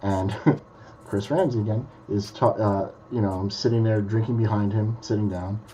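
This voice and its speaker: A man's voice: fairly low pitch, fairly even intonation, moderate pace, warm tone, a little hiss or hum, poor audio. A man who is a magician, telling stories bluntly and swearing freely in a casual podcast chat. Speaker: guest magician.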